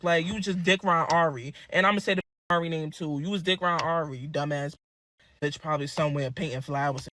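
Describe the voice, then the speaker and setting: A woman telling a story in a crude, animated way, swearing freely. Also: low voice, fairly quick, slight background noise. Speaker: vlogger. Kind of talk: casual storytelling.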